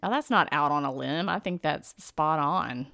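A woman co-hosting a relaxed chat, her voice on the lower side. She is lively and teasing and laughs easily as she talks. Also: moderate pace, creaky. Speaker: podcast co-host. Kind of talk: casual chat recapping a reality show.

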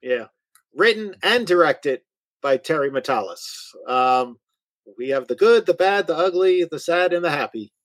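Enthusiastic man, slightly high voice. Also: expressive, moderate pace, fairly bright tone, dry recording. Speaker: podcast co-host. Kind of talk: casual chat.

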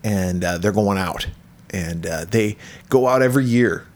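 A man's voice: fairly low pitch, unhurried. A man co-hosting a podcast, casually retelling a horror film with lots of swearing and acted-out character lines. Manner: profane, animated, acts out the characters' lines. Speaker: podcast co-host. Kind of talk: casual chat recapping a movie.

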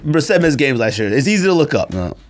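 Brief: male podcast co-host, lively up-and-down delivery, playful and argumentative. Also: fairly high pitch, fast, noisy background. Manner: animated, joking, argumentative banter. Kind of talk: casual chat.

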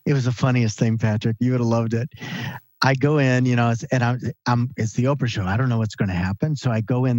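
An animated man telling a story in a podcast interview, leaning hard on his points. His voice sits in a mid range, recorded dry and a bit dull, like audio over a remote call. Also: mid-range voice, dry recording. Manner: animated, emphatic, conversational. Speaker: guest, author and speaker.

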